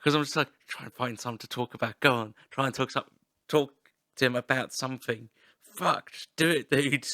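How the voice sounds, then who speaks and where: A man hosting a casual podcast, telling stories in an animated way and often stammering and repeating words. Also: medium pitch, fast talker, no room sound, studio quality. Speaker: podcast host.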